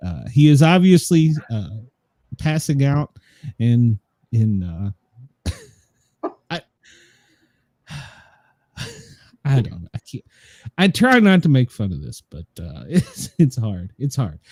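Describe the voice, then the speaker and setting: Chuckling rambling man with a mellow voice. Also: mid-range voice, big pitch swings, slow, long pauses, dry recording. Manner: rambling, chuckling, many fillers. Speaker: co-host of a daily news show; former emergency responder. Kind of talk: casual news chat.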